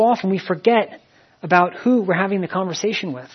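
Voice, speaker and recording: A man's voice: sits high, fairly quick, breathy edge. A man preaching a sermon in a plain, conversational way, telling a story with many fillers and repeated phrases. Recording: dull lo-fi recording.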